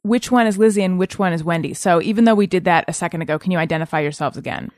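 A woman in her thirties with a somewhat low voice, hosting a casual podcast. She is friendly and teases her guests. The recording is close and dry. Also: racing, darkish tone, no echo. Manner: friendly, teasing interviewer. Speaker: podcast host.

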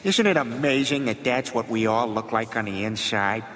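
A man's voice: medium pitch, normal speed, loud music behind the voice, lightly acted. An actor playing a bumbling middle-aged male cartoon dad with a dopey, whiny delivery.

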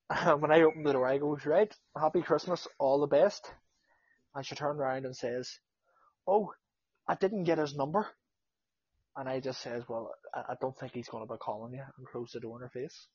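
A young Northern Irish man spins a rowdy anecdote in a slightly husky voice, swearing as he goes and jumping into the voices of everyone involved. The sound is dry and dull, like a low-fi podcast mic close up. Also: normal speed, dry recording. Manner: animated storyteller, swears freely, acts out quotes. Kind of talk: casual anecdote telling.

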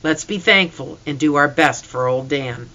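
A reader voicing a steady, gentle farm father who speaks calmly and comfortingly, in a dull lo-fi recording. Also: mid-range voice, normal speed, pitched below the performer's own voice, close to an everyday voice. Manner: calm and comforting.

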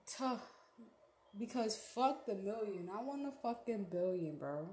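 Slow-talking blunt woman ranting. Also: mid-range voice, lively intonation, warm tone, echoey room, slight background noise. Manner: blunt, profane, laughing, slangy. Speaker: podcast host. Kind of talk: casual motivational rant.

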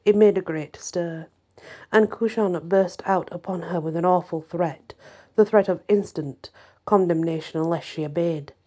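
A woman hosting her own channel, reading a historical novel aloud in a steady storytelling manner. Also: lowish voice, normal speed, slightly rough. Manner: steady storytelling, voices quotes lightly. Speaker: channel host and reader.

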